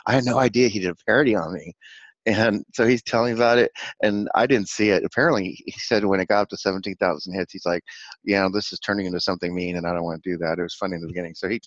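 Excitable, rambling man with a low voice. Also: racing, no room sound. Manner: rambling, excitable, laughs often, repeats words. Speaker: channel host. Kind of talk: casual vlog recap. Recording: dull lo-fi dry recording.

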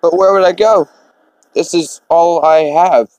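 A man's voice: a little high, steady tone, unhurried, darkish tone, no echo, close to an everyday voice, rough recording. A man voicing a grieving elderly widow who is being evicted from her home. He speaks in an apologetic, motherly way while reading the game's dialogue aloud. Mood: pleading.

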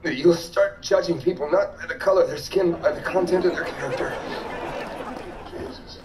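An actor playing a flippant mercenary with a mock-dramatic manner. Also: male voice, on the high side, fairly quick, far from the mic, lightly acted. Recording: film audio in an echoey cinema, crowd and music.

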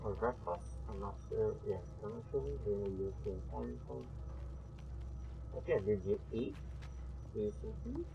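Excitable male streamer, lively pitch. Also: normal speed, pauses often, music in the background. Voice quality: muffled by a costume mask. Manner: excitable, greets chat viewers by name, bursts of yelps. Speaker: game streamer. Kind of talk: casual live-stream chat while gaming.

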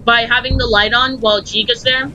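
A man's voice: very high voice, fairly even intonation, fairly quick, pushed and bright, muffled recording. A young man chatting casually and rambling while playing a game with a friend. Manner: chatty, rambling, laughing often. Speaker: gaming channel host. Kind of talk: casual gaming chat with a friend. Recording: noisy home recording.

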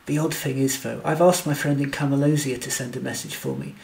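A man voicing a tall male alien, usually calm, speaking earnestly and insistently. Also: mid-range voice, a little fast, creaky, distant mic, close to an everyday voice. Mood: indignant.

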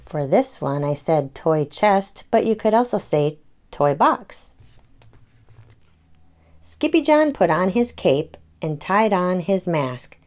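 Storytime mom in her 30s, gentle, explains as she reads, lowish voice. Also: big pitch swings, slow pace. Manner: gentle, explaining to young children. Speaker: storytime reader and parent. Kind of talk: children's read-aloud.

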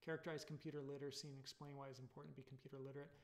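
A man's voice: mid-range voice, little pitch movement, very fast, a little mellow. A man with a Californian accent giving a casual recorded college lecture, rambling with many fillers and tag questions. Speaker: college instructor.

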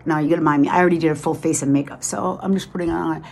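Chatty low-voiced woman with Boston accent. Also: fairly even intonation, racing, vocal fry, breathy edge. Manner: chatty, enthusiastic, many fillers. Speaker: beauty vlogger. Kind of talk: casual makeup tutorial.

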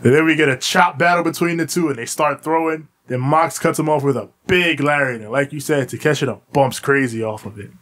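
A man's voice: on the high side, a little fast, hardly any pauses, a bit bright. A man co-hosting a casual wrestling podcast, recapping a show and acting out the wrestlers' lines with frequent laughter. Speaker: podcast co-host.

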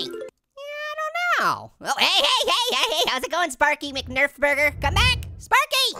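A man voicing a hyper, pun-loving talking orange, hosting gameplay commentary in a squeaky, sped-up high voice with constant giggly laughs. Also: pushed and bright, full character voice. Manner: manic punning, constant cackling laughs. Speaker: let's play host. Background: game music.

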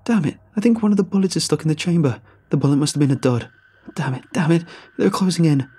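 A man voicing a terrified young male soldier trapped alone, breathless and shouting in panic. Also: medium pitch, brisk, husky. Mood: panicked.

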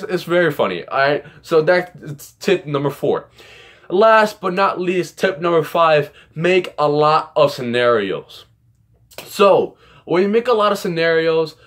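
A young man rambling through casual vlog tips with animated storytelling. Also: on the high side. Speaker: YouTuber giving comedy tips.

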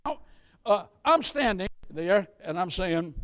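A man's voice: high voice, expressive, unhurried, clean tone. A man pastor preaching a sermon in church with folksy humor, often putting questions to the congregation.

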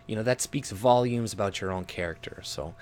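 A man's voice: on the low side, a little fast, darkish tone. A man from Canada ranting to camera as a YouTube commentator, swearing often and mocking others in put-on voices.

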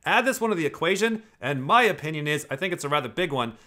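Fast, bright-voiced man ranting. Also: on the high side. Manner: swearing, rambling, animated. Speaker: host. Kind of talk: casual commentary.

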